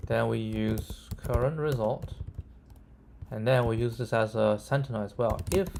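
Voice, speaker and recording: A man thinking aloud as he codes, halting and correcting himself, often checking in with "right?" and "okay?". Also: medium pitch, vocal fry, darkish tone, a little hiss or hum. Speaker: coding tutor. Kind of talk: thinking aloud while live coding.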